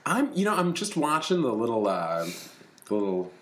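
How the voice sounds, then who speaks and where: A man's voice: medium pitch, moderate pace. A man co-hosting a casual podcast, joking and self-mocking as he chats with friends. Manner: playful, self-mocking, animated. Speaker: podcast co-host. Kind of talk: casual chat.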